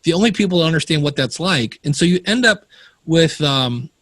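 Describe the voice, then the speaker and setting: A man's voice: a little high, lively intonation, brisk, fairly bright tone, no echo. A man telling stories in a casual podcast interview, often acting out the voices of the people he quotes. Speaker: podcast guest.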